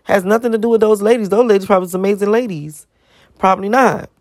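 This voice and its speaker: A woman's voice: mid-range voice, quick pace, a little mellow, no room sound, clean studio sound. Profane ranting woman vlogger. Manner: emphatic, profane, piles up rhetorical questions. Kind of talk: ranting monologue to camera.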